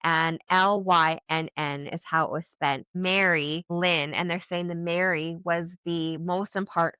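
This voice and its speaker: A woman's voice: lowish voice, steady tone, unhurried, bright, forceful tone, clear, resonant tone, no echo. A woman giving a channeled spiritual reading in a casual, flowing way, full of restarts and filler words. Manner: flowing, earnest, many likes and trailing restarts. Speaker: psychic channeler.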